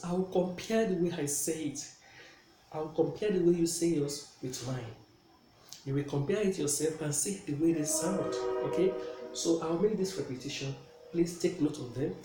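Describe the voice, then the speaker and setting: A man's voice: fairly high pitch, moderate pace, warm tone, soft background music. A man teaching a classroom pronunciation lesson, checking in often with "okay?". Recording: echoey room with faint noise.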